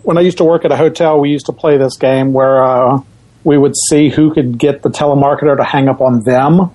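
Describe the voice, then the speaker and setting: A man as a podcast guest, telling anecdotes in a relaxed casual chat. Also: mid-range voice, a little fast.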